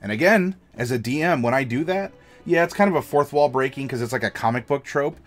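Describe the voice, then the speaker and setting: A man's voice: mid-range voice, quick pace, soft background music. An American man, a game master and streamer, giving tabletop storytelling advice in an enthusiastic, demonstrative way. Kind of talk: livestream advice chat.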